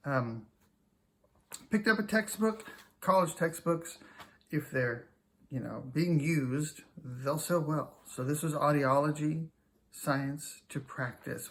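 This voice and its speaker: A man's voice: on the high side, slow, a bit bright. A man chatting casually to camera as a small-time reseller, self-mocking and full of fillers. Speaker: reseller and vlogger.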